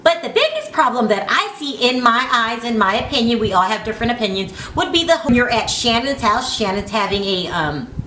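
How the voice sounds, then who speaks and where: A woman vlogger giving casual gossip commentary to camera in a chatty, opinionated way. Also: on the high side. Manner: chatty, opinionated, animated asides. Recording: echoey room with faint ambient noise.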